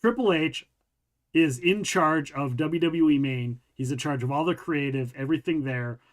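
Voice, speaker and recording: A man's voice: fairly high pitch, moderate pace. A man hosting a casual podcast, chatting with a friend and reading a news article aloud, often stumbling and rereading lines. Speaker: podcast host.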